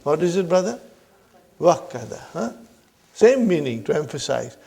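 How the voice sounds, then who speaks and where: His voice is a little high, creaky and slightly mellow, with a sing-song lilt at a moderate pace. Leading an Arabic grammar lesson, he repeats questions to the class, calls the students brothers and sisters, and keeps asking "huh?" or "are you with me" to be sure they understand.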